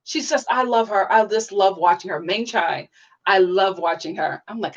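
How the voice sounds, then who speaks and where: A young woman hosting a casual livestream, chatty and bubbly, full of "like" fillers and sudden excited high exclamations. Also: normal speed, dull audio. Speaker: YouTube reality-TV reviewer reading live chat.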